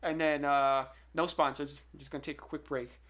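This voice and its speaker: A man's voice: fairly high pitch, little pitch movement, a little fast, fairly bright tone. A man hosting a casual podcast, rambling with lots of fillers and restarts as he explains things. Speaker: podcast host and filmmaker. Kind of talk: casual podcast chat and commentary.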